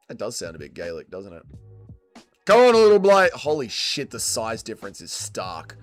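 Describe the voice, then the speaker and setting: A man commentating a fight live for his stream, crude and loose, swearing constantly as he talks to chat. His pitch swings up and down a lot. Faint music plays under him. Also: huge pitch swings, moderate pace, no echo. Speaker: livestream host. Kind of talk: casual fight watch-along commentary.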